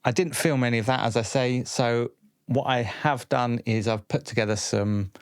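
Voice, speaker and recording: A man explaining a DIY synth build in a relaxed, tentative way, thinking aloud with small hesitations. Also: medium pitch, normal speed, smooth, no room sound. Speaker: electronics video host. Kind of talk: casual hands-on explanation. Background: synth tones playing.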